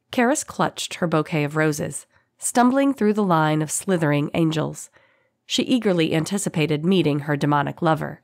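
Low-voiced woman narrating fantasy. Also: dry recording, clean studio sound. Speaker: audiobook narrator.

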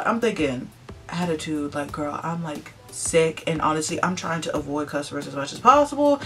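A woman's voice: low-pitched, moderate pace, soft background music. A young woman telling a casual storytime vlog, chatty and full of "like", acting out what other people said. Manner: chatty, peppered with "like" and "blah blah blah"; animated, acts out other people's lines. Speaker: vlogger.

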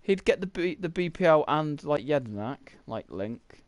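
A man's voice: fairly high pitch, animated, normal speed, dry recording. A young man, rambling through casual gameplay commentary while thinking aloud with lots of fillers. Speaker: gaming YouTuber.

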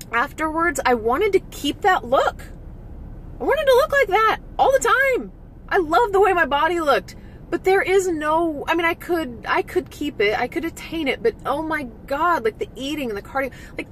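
A woman talks straight to her camera in a candid personal vlog, her slightly high voice swinging up and down with feeling. She is frank and emotional, swears freely and fills her sentences with "like." A faint low rumble sits behind her. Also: rough recording. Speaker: vlogger and former physique competitor.

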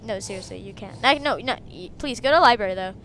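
A woman hosting a game video, chatting casually and breaking into excited shrieks. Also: medium pitch, fast. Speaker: gaming video host. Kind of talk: casual gameplay commentary.

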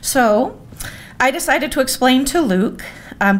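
A woman around her forties gives a storytelling speech at a gala in an event hall, animated and self-mocking, frequently turning to the audience with asides. Her voice is high and unhurried.

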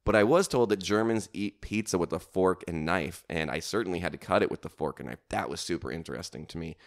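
A man with a notably deep, low voice hosts a comedy podcast on his own. He talks in a loose, rambling way, swearing freely and poking fun at himself between lots of ums and likes. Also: fast talker, creaky. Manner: swearing, self-mocking storytelling with lots of fillers. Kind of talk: casual rambling podcast monologue.

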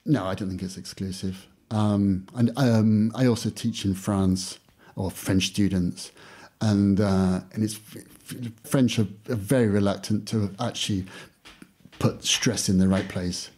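A man's voice: fairly low pitch, dark tone, slightly rough. A man who teaches English, talking casually in an interview and acting out classroom exchanges, with lots of "you know" fillers.

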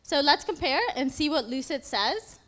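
A woman's voice: high voice, moderate pace, fairly bright tone. A young woman presenting her coding project at a demo day, walking through an app with an upbeat, conversational manner. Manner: upbeat, narrates a live app demo with filler "uh"s.

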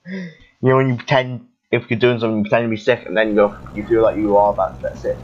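Low-voiced man rambling over gameplay. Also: fast talker, dull audio. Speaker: gaming YouTuber. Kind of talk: casual let's-play commentary.

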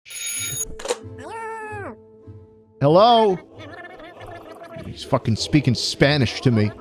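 A man giving profane, excitable let's-play commentary, often yelping and laughing. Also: mid-range voice, very slow, faint music behind. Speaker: gaming YouTuber.

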